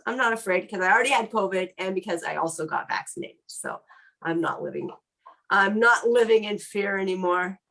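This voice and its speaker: A woman's voice: mid-range voice, animated, a little fast, vocal fry, a bit bright, rough recording. A woman hosting a comedy chat, easygoing and joking. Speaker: host. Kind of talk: casual chat.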